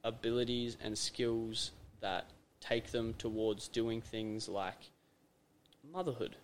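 A man's voice: medium pitch, takes it slowly, slight background noise. An Australian man hosting a casual podcast conversation, talking emphatically, repeating phrases for effect and acting out little scenes. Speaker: podcast host.

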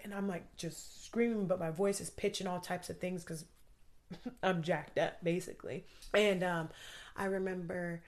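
A woman with a slightly low voice tells a personal story in an interview. She talks urgently and vividly, full of casual fillers, as if reliving it. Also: steady tone, moderate pace. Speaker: guest recounting a personal story.

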